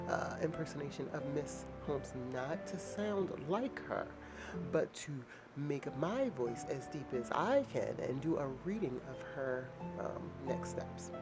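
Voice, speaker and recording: A woman with a naturally deep voice, sick and slightly nasal, chatting casually to her viewers in a frank, rambling way. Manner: frank, rambling, laughs often. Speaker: vlogger. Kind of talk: casual chat to camera.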